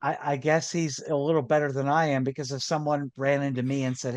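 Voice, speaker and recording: A man's voice: mid-range voice, flat delivery, fast talker, few pauses, no room sound, studio quality. A man co-hosting a podcast in casual chat, joking and laughing often as he talks. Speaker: podcast co-host.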